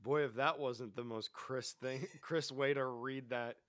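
A man's voice: mid-range voice, steady tone, unhurried, a bit bright. A man co-hosting a podcast in casual chat, wry and teasing, joking and sighing in reaction. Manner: wry and teasing, sighs and jokes. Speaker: podcast co-host.

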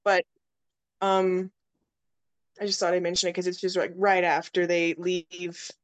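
A woman's voice: fairly low pitch, little pitch movement, measured pace, clear, resonant tone, no room sound. A woman co-hosting a film podcast, chatting casually and hesitantly, trailing off with "um"s. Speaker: podcast co-host.

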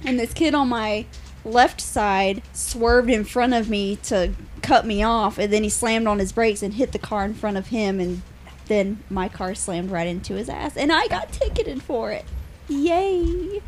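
Young woman, fairly high voice, blunt profane storyteller, casual chat, faint background hiss. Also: a little slow. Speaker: podcast guest.

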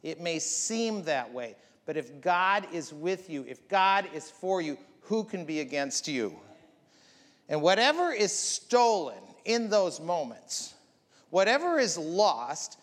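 A man's voice: high-pitched, big pitch swings, slow pace, a bit bright. A man preaching a sermon as pastor, building up with emphatic repeated lines. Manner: preaching with rising, emphatic repetition. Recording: long hall reverb.

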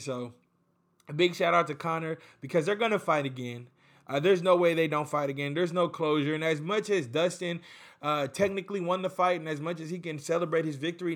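A man's voice: on the high side, fairly bright tone. A man hosting a casual sports recap, talking in a rambling, chatty way with frequent fillers and restarts. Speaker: sports podcast host.

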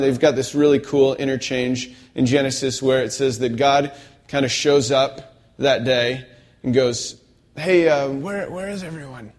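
A male pastor with a medium-pitched, slightly mellow voice delivers a sermon conversationally, frequently checking in with the congregation.

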